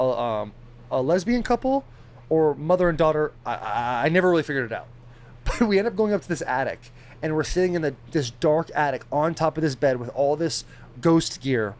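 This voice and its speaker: A young man in his twenties, co-hosting a podcast, telling a story in a rambling, animated way full of swearing. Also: a little high, slight background noise. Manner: rambling, animated, swears a lot, imitates beeps and voices. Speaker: podcast co-host. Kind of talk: casual storytelling.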